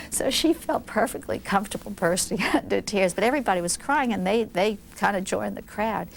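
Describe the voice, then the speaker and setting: Woman in her 50s telling stories in an interview, gravelly voice, lots of restarts, faint hiss behind. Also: mid-range voice, brisk, few pauses. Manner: candid, animated storytelling with frequent restarts. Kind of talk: reflective interview recollection.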